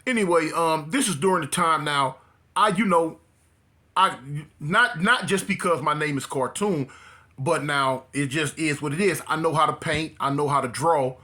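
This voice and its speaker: This is a man, talking casually like a storyteller to his audience. His voice sits a little high and rings bright. He laughs easily and often as he tells the tale, with relaxed street slang. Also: moderate pace. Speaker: storyteller vlogger.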